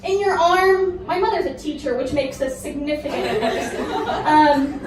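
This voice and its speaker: A woman's voice: high-pitched, moderate pace, a crowd in the background. A young woman doing a stand-up comedy set, chatty and self-deprecating, often laughing through her lines. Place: performance venue with audience. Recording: echoey room from far off.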